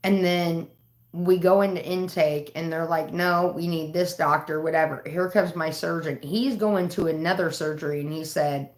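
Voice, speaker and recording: A woman's voice: low-pitched, fairly even intonation, normal speed. A woman hosting a livestream, telling a story in a casual, profane, rambling way. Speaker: livestream host. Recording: roomy echo.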